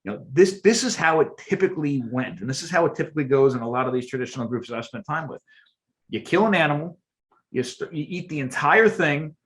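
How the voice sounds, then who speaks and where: A man, a guest archaeologist and chef, explaining things at length in a podcast interview, emphatic and animated and often repeating words as he goes. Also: a little high, quick pace.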